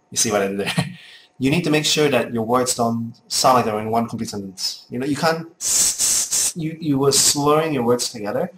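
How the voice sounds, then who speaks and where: A man's voice: mid-range voice, fairly quick, fairly bright tone, reverberant, a little hiss or hum. A man with a Singaporean accent giving frank, encouraging critiques to new game casters, often repeating himself. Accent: Singaporean English. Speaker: casting coach.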